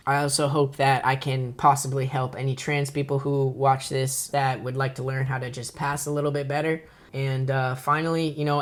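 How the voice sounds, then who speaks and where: Young man casually teaching voice tricks. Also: mid-range voice. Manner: informal, chatty, explains step by step. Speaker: voice tutorial creator. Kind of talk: casual spoken tutorial.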